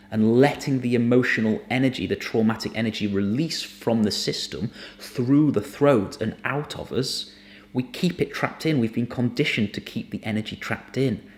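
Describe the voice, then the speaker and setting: A man teaching somatic emotional release in a gentle, earnest, unhurried way, sometimes dropping almost to a whisper. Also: mid-range voice. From United Kingdom. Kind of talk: reflective spoken teaching to camera.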